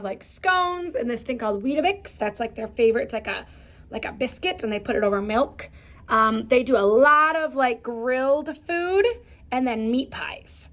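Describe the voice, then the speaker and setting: A woman's voice: a little high, a bit bright. A woman giving a casual lesson to children, chatty with lots of fillers and asides. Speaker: teacher. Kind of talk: casual classroom lesson for kids.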